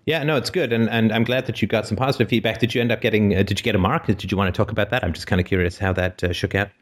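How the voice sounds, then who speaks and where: Male host with a low voice, wry and chatty, loose casual delivery. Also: fairly even intonation, very fast. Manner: wry, self-mocking, chatty with many fillers. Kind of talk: casual call-in chat.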